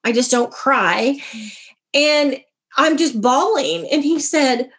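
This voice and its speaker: A woman's voice: high-pitched, slow. A woman, a guest and author from America, telling a personal story in an interview and acting out the dialogue. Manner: animated, acts out quoted dialogue.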